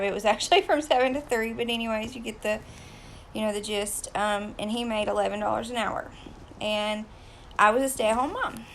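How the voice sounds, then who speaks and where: A woman in her thirties talking straight to her viewers in a personal vlog, hesitant and full of pauses, close to tears. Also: fairly high pitch, fairly bright tone, slight background noise. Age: 30s. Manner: hesitant, many ums, fighting back tears. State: emotional, close to crying. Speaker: vlogger.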